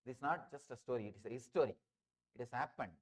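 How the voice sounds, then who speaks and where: A man's voice: medium pitch, quick pace. A man with an Indian English accent giving a spiritual discourse, telling parables and repeating phrases for emphasis. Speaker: spiritual teacher.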